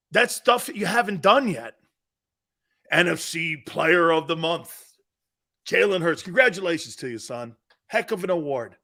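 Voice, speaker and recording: A middle-aged man hosting a sports talk show, brash and sarcastic, swearing and breaking into shouted outbursts. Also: sits high. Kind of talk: opinionated sports radio talk.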